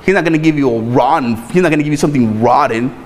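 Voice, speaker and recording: A man preaching a sermon in a loose, animated, conversational way, repeating words and tossing in playful asides. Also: medium pitch, racing, in a large hall. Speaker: pastor.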